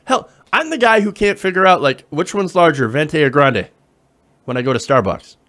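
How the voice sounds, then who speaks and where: A man's voice: a little high, lively intonation, normal speed, fairly bright tone. Sarcastic man ranting on politics. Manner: sarcastic, incredulous, swears casually. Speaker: political commentary host. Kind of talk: opinionated news commentary.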